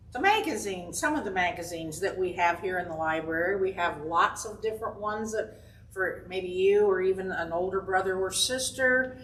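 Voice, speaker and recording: A woman who works as a children's librarian, reading rhymes aloud inside a library and pausing so the kids can guess the last word. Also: mid-range voice, a bit bright, slight background noise. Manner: slow, encouraging, pauses for kids to guess rhymes. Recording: roomy sound from a distant camera.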